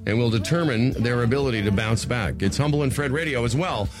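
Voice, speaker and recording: A man's voice: medium pitch, fast talker, over music. A man hosting a radio talk show, chatting loosely and rambling between topics.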